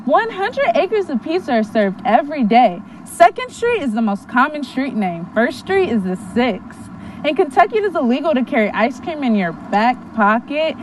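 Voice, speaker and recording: A woman delivers a spoken word poem with rhythmic, impassioned repetition. Her voice sits high and carries from a distance off the mic. A faint hum runs under the recording. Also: sing-song, normal speed. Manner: rhythmic, impassioned, repeating refrains.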